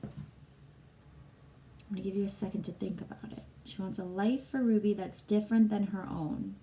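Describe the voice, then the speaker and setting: Woman teacher, book-club read-aloud with chat to kids; gravelly, low-bright tone, faint noise behind. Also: fairly even intonation, normal speed. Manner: emotional, asks listeners questions. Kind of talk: reading a children's novel aloud with commentary. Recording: faint room noise, slightly distant mic.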